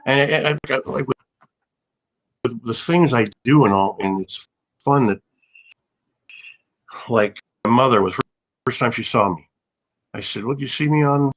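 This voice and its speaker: A man's voice: medium pitch, a little slow, long pauses, poor audio. An older man, an actor, telling rambling, anecdotal stories in a casual interview, with many restarts.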